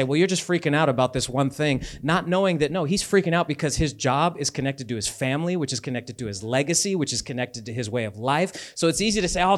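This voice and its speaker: A man preaching a sermon as a pastor, talking in a conversational, animated way with casual asides. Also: medium pitch.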